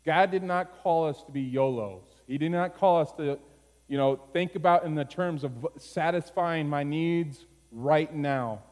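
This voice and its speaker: A man preaching a sermon, moving from low, quiet phrases to high, urgent pleading. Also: unhurried. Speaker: pastor. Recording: long hall reverb.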